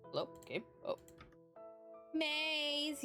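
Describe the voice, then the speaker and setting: A woman's voice: mid-range voice, sing-song, moderate pace. A young woman streaming a game, chatting casually and cooing baby talk to her pets. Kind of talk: casual gameplay commentary. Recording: faint music behind.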